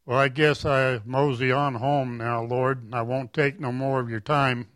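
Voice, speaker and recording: A man's voice: mid-range voice, flat delivery, a little slow, a bit bright, dry recording, lightly acted. A man reading aloud the words of a humble old farmer talking to God like a friend, in a folksy, plain-spoken way. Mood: earnest.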